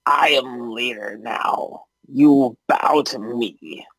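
A man voicing a cruel goblin chieftain who speaks slowly in broken phrases. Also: mid-range voice, fairly bright tone, dry recording. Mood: commanding. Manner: slow, heavy, broken speech. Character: goblin chieftain, male, cruel and slow-spoken.

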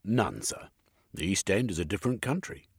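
A man's voice: sits low, big pitch swings, normal speed, vocal fry, breathy edge, no echo, clean studio sound, pitched above the performer's own voice, full character voice. A man doing a deferential police sergeant. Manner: formal, obsequious, keeps saying sir. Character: deferential male East End police sergeant.

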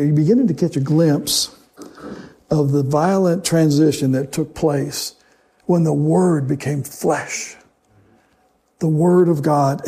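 A man preaching a sermon in a measured, emphatic way, slowing down for dramatic pauses. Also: a little high, warm tone, slightly rough.

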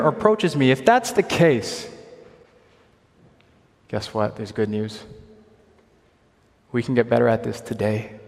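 A young man from Hong Kong preaching a sermon, earnest, asking rhetorical questions and moving between loud emphasis and quiet intensity. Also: mid-range voice, sing-song, a little slow, gravelly, pauses often. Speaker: pastor. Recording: long hall reverb.

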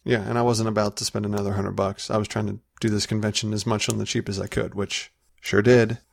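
A man's voice: on the low side, level tone, brisk, vocal fry, no echo. Male co-host, easygoing rambling chat, dry and close. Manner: rambling, with frequent restarts and laughs. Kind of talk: casual chat recounting a convention trip.

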